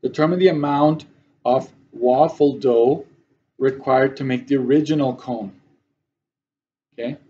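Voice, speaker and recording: A man's voice: medium pitch, a little slow, pauses often, mellow, muffled recording. A male math teacher giving a classroom lesson, often checking that his students follow.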